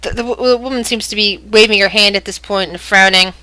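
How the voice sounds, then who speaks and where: A woman's voice: mid-range voice, steady tone, fairly quick, pushed and bright. A woman narrating a tabletop game as game master, often stammering and restarting her sentences.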